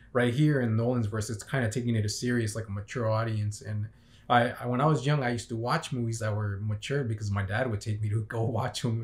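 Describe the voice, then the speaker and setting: Young guy rambling thru a movie review, lowish voice, lots of ums and restarts. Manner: rambling, many fillers and restarts. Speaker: film reviewer. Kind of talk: casual unscripted movie review.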